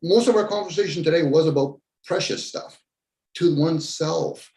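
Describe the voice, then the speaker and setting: A man's voice: on the high side, normal speed, gravelly, darkish tone. A man in casual conversation, talking bluntly and ranting, with some swearing. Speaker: podcast host. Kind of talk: casual debrief chat. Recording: echoey room.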